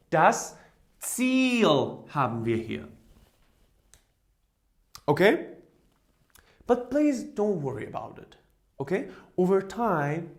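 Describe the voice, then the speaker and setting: A man teaching a beginner language lesson, drilling each word by repeating it and checking in with "okay?" and "huh?" after nearly every phrase. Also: fairly high pitch. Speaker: German teacher.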